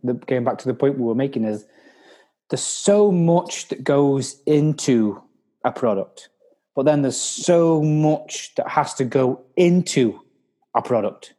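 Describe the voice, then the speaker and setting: A man's voice: mid-range voice, animated, unhurried, mellow. A man hosting a podcast, talking bluntly with some swearing and acting out what other people say. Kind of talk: casual chat.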